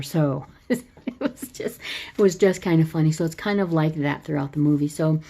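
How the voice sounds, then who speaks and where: Low, mellow-voiced woman recapping a movie. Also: normal speed. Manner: rambling, with frequent restarts and self-corrections; chatty, laughs while retelling. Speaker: movie reviewer. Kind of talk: casual spoken movie recap.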